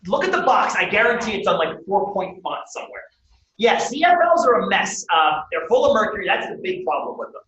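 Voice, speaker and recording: A man teaching a college class, lively and quizzing his students with questions. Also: high-pitched, brisk. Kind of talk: classroom lecture. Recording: echoey room, distant dull mic.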